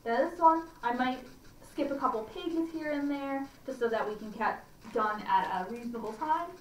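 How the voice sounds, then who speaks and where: A woman librarian reading a fairy tale aloud and chatting gently to children about it. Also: fairly high pitch, moderate pace, distant mic, slight background noise. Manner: gentle, explaining, asks listeners to compare. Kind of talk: storytime reading and chat to children. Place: library room. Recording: echoey room, mic from afar.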